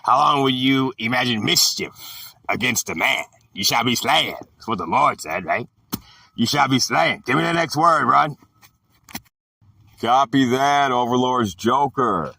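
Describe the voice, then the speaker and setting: A man slowly teaching a Bible chapter in an informal, drawling way, repeating phrases and talking back to an imagined devil. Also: medium pitch, animated, creaky, bright, forceful tone, slightly rough, dry recording, distant mic. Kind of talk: informal Bible study monologue.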